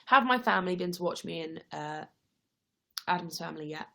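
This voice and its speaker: A woman's voice: lowish voice, animated, fairly quick, gravelly, a bit bright. Young woman on a late-night livestream, sleepy and chatty, reading out viewer questions. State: tired, yawning. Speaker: livestream host. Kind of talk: casual live-stream chat answering viewer questions.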